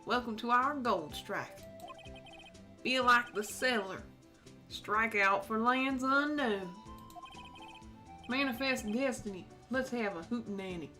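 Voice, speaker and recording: A woman's voice: a little high, takes it slowly, long pauses, pushed and bright, faint music behind. A woman voicing a laid-back Southern cowboy lawman in a game, with a Tennessee drawl and folksy frontier sayings. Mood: folksy showman.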